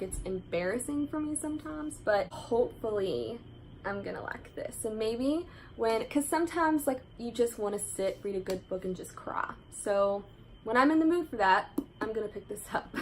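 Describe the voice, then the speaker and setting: A chatty woman talks through her pile of books in a casual vlog. She speaks eagerly and leans on "like" as a filler, at an ordinary pitch for a woman. A faint background noise runs under her voice. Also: fairly bright tone, rough recording. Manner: chatty and enthusiastic, many "like" fillers. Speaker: book vlogger. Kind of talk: casual book haul chat.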